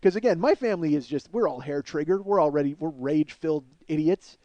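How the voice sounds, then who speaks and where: Man, comedic podcast host, profane rant, high-pitched, dry sound. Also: fast, no room sound, muffled recording. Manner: profane, animated ranting. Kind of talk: comedic monologue.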